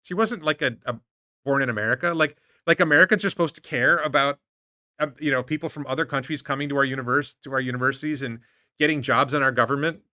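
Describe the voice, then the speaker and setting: A man's voice: mid-range voice, fast, sharp tone, no echo, clean studio sound. A man hosting an investing livestream, giving opinionated, rambling commentary and firing off incredulous rhetorical questions while answering chat. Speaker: host of investing show. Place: home in Thailand.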